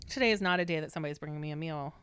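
A woman's voice: sits low, very fast, a bit bright, clean tone, no echo, clean studio sound. A woman in her forties chatting casually on a podcast, full of "like" fillers. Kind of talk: casual chat.

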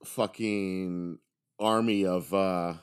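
A man's voice: low-pitched, steady tone, extremely slow, smooth. A man in casual podcast chat, crude and blunt, tossing in wisecracks.

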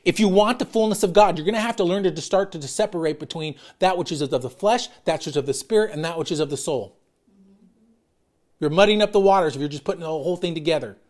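A middle-aged man preaching a sermon as pastor, loud and emphatic, calling out to his congregation. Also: fairly high pitch, quick pace.

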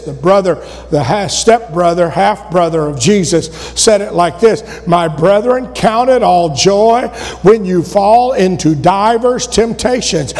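A man preaching a sermon to a congregation, rising to impassioned shouts and falling back to low, quiet asides. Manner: impassioned, builds to shouting then drops low. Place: church. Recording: long reverb of a church hall.

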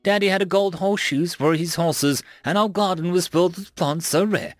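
A man's voice: high voice, normal speed, no echo, clean studio sound, soft background music, voice pushed up, lightly acted. A man voicing a scheming, childish female dungeon pixie with a sugary, mocking, fake-innocent way of talking. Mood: sugary pleading.

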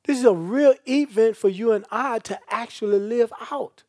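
A man's voice: extremely high pitch, moderate pace, a little mellow, dry recording, clean studio sound. A male pastor, preaching a sermon and reading scripture aloud with asides to the congregation.

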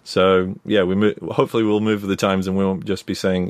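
A Scottish man speaks as a podcast guest in a low, deep voice. He rambles easily with plenty of fillers, and the sound is close and dry. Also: a little fast, smooth, no room sound. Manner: relaxed, rambling, many fillers. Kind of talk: casual interview chat.

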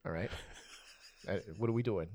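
A man co-hosting a podcast in casual chat, laughing often and telling stories with lively quoted voices. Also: fairly low pitch, normal speed, no room sound, lo-fi sound. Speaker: podcast co-host.

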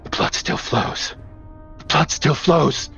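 A man voicing a crazed, bleeding undead man who speaks in a strangled, hushed voice, in a tabletop game. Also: on the high side, big pitch swings, slow pace, gravelly, lo-fi sound, faint music behind, voice pushed up, heavily acted.

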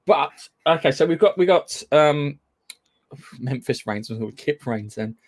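A man's voice: a little high, lively intonation. A man co-hosting a casual film podcast, correcting details and restarting his sentences. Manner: corrects facts, halting restarts. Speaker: podcast co-host.

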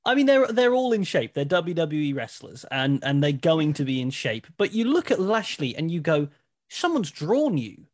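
An upbeat, opinionated man co-hosting a casual talk show. His voice sits a little on the higher side. He sounds keen and lively. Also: normal speed, few pauses. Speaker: co-host of a wrestling talk show. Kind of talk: casual chat, reading listener messages.

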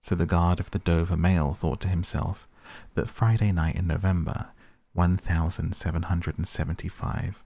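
A man narrating a classic novel as an audiobook in a measured, steady way. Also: low voice, vocal fry, no room sound. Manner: measured, even storytelling.

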